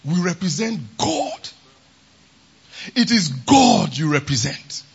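Emphatic high-voiced preacher. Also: male voice, very animated, takes it slowly, vocal fry, slightly rough, lo-fi sound. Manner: emphatic, repeats "praise the Lord". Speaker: pastor. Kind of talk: sermon. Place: large conference hall.

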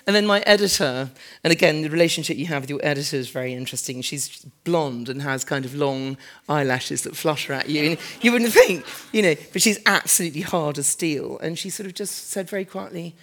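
A woman's voice: low-pitched, fairly quick, fairly bright tone. A woman architect and author giving a live, conversational lecture in a large converted warehouse, chatty and self-deprecating with frequent "um"s and asides. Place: large former fruit warehouse event space.

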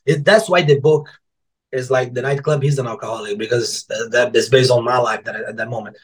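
A mid-range male voice, a little fast, comes through poor audio. Being interviewed for a podcast about his career as a writer, he tells stories in a loose, meandering way, restarting phrases, cursing freely, and vividly impersonating coworkers and customers.

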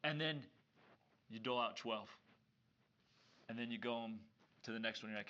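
A man's voice: mid-range voice, normal speed, highs cut off. A man co-hosting a casual scripture discussion, a seminary teacher who acts out the voices in the stories he tells. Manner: animated storyteller who acts out dialogue. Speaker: podcast co-host and seminary teacher.

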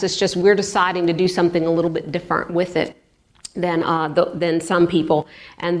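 A woman pastor preaching a sermon in a chatty way, repeating words for emphasis. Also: lowish voice. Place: church.

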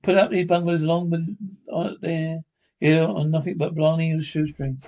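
A man reading the part of a talkative, friendly police desk sergeant who gossips briskly. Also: on the high side, level tone, warm tone, natural voice. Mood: chatty. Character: affable male desk sergeant, talkative neighbour.

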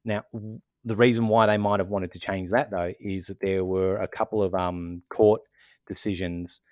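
A man co-hosting a podcast, calmly explaining things step by step with many "so essentially" fillers. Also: low voice, normal speed, no echo, studio quality. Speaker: podcast co-host. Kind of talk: casual explanatory chat.

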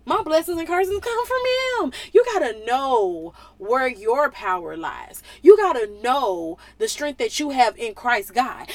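A woman giving a casual, slangy Bible lesson in an animated way, slipping into playful voices. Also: high-pitched, no room sound. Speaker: Bible teacher.

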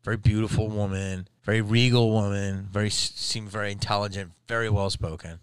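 A tired man, a podcast host and stand-up comic, ranting and telling a story in a profane, animated way with sudden loud outbursts. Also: fairly low pitch, brisk, clear, resonant tone, no room sound. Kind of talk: casual ranting monologue.

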